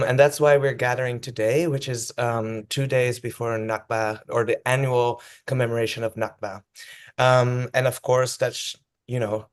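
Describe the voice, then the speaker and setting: Dutch guy hosting a video call event, smooth clear voice, laid back, lots of ums. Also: medium pitch. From Netherlands. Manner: relaxed, chatty, hesitant with frequent ums. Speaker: co-host. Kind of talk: casual online event hosting.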